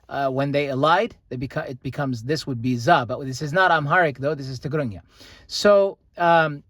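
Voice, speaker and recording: Guy teaching a grammar lesson, kinda high voice, patient, repeats words slow, dry close mic. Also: fairly bright tone, no echo. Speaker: language teacher.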